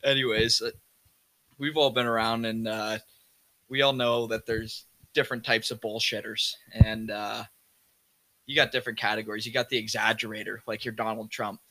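A man's voice: fairly low pitch, flat delivery, moderate pace, sharp tone. A young man co-hosting a podcast, telling crude stories in laughing, swearing casual chat. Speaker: podcast co-host.

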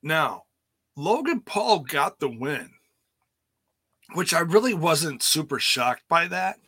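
A man talks loosely and candidly, like he is thinking out loud while recapping a wrestling show. His voice has a bright, forward tone. The sound is dry and close, with little room around it. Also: fairly high pitch, very animated, slow, slightly rough, no room sound. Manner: rambling, candid, swears casually. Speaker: wrestling commentator. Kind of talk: casual chat recap.

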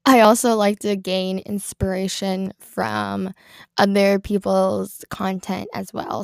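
A young woman with a slightly congested voice chats through her solo podcast, rambling and filling pauses with ums. Her tone carries a gravelly fry, and the recording sounds close and dry, as if made in a small closet. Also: mid-range voice, no echo. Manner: rambling, chatty, with many ums. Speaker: podcast host. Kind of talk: casual solo podcast chat.

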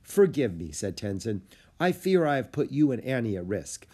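A man voicing a calm mountain guide who speaks in a formal, solemn way. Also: mid-range voice, moderate pace, husky.

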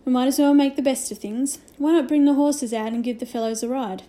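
A woman's voice: sits high, fairly even intonation, brisk, dark tone, lightly acted. Omri, a woman reading an earnest young boy.

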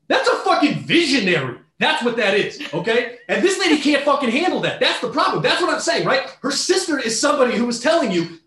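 High-voiced man ranting in an echoey room. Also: big pitch swings, a little fast, few pauses. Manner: heated, swearing, shouting in bursts. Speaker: commentator reacting to a story. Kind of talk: profane rant commentary.

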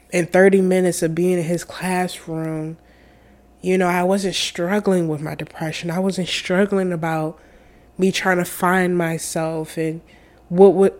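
A young woman telling a personal story in an earnest, halting way, tearful and full of fillers. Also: on the low side, darkish tone.

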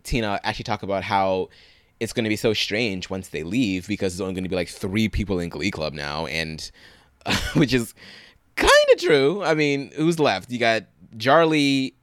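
A man with a very deep, smooth voice recaps scenes in relaxed conversation. He rattles off characters' lines in quick paraphrase, with dry close-mic sound. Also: dry recording. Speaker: podcast co-host. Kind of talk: casual recap chat.

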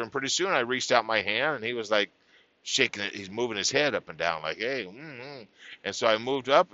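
A man spins a funny story from his childhood in a chatty, folksy way, laughing at himself and restarting his sentences. His voice is very bright and forceful, recorded dry and close. The recording is slightly dull and lo-fi. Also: medium pitch, dry recording. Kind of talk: humorous personal storytelling.

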